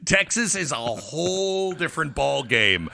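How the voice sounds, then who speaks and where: A man's voice: fairly high pitch, big pitch swings, unhurried, vocal fry, pushed and bright. A man hosting a talk radio show, joking and laughing through casual banter with his co-host. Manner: jokey, laughs often, mock-tough asides.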